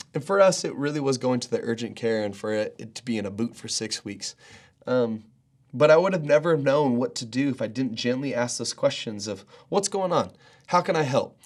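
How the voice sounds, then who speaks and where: A man in his thirties, a pastor, giving an earnest, conversational daily devotional with frequent fillers. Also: medium pitch.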